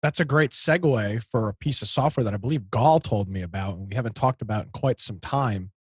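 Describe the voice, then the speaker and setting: A husky-voiced man co-hosting a tech talk show, rambling through a software tip with frequent restarts and light joking. The sound is dry and close, with no room around it. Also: on the low side, a little fast, no echo. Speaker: co-host.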